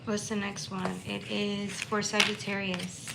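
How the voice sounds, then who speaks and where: A woman's voice: medium pitch, flat delivery, measured pace, gravelly, background noise. A woman giving a tarot reading on a live stream, talking in an emphatic, emotional way and swearing freely. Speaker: tarot reader.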